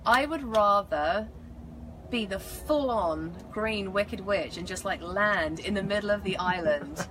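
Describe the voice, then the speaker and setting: A woman with an English accent, an actress answering fan questions in a live interview, animated, playful and self-mocking. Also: medium pitch, measured pace. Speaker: actress guest. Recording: noisy background.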